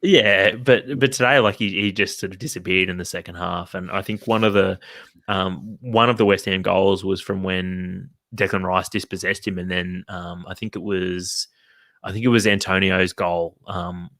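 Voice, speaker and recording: A man's voice: low voice, steady tone, normal speed, fairly bright tone, no room sound. A man co-hosting a casual football podcast, talking in long rambling runs with restarts and the odd swear word. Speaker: podcast co-host.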